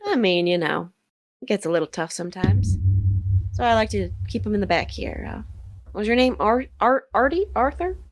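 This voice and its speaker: A woman voicing a kindly, folksy old woman who runs a shop, with a slow, homespun drawl. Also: mid-range voice, animated, lightly acted. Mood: warm, folksy.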